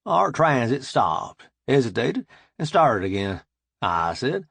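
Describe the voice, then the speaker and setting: A man's voice: mid-range voice, sing-song, takes it slowly, creaky, a bit bright, husky, no room sound. A man narrating a first-person audiobook with a wry storytelling delivery.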